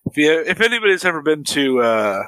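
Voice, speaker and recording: A man co-hosting a podcast in casual chat, swearing, laughing and drawing quick pop-culture comparisons. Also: a little high, sing-song, a bit bright, poor audio. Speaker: podcast co-host. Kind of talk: casual film discussion.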